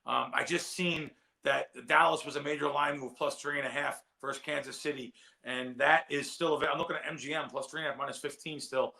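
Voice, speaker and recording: A man with a fairly high, gravelly voice talks casually on a sports betting show. He rambles in a heartfelt way and often repeats himself as he goes. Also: fairly even intonation, quick pace, hardly any pauses, pushed and bright. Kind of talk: casual chat.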